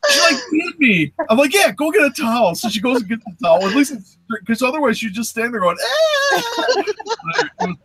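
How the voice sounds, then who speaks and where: Male host in his forties, casual storyteller who acts out voices and sounds; bright, forceful tone. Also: extremely high pitch, very animated, quick pace, hardly any pauses. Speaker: show host. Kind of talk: casual chat.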